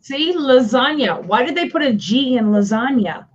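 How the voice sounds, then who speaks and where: A woman's voice: high voice, expressive, normal speed, highs cut off. A woman co-hosting a live stream, chatting casually in a playful, teasing way. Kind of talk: casual chat.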